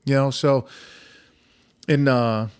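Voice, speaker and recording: A man's voice: mid-range voice, steady tone, takes it slowly, darkish tone, clear, resonant tone, no echo, clean studio sound. A man hosting a podcast, chatting casually, telling stories with plenty of restarts and casual swearing. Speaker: podcast host. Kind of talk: casual conversational interview.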